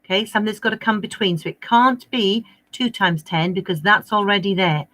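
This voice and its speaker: Cheery teacher coaxing young pupils. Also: female voice, medium pitch, a little fast, sharp tone, no echo. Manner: cheery, coaxing, sing-song teacher talk. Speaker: primary school maths teacher. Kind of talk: livestream lesson for young children.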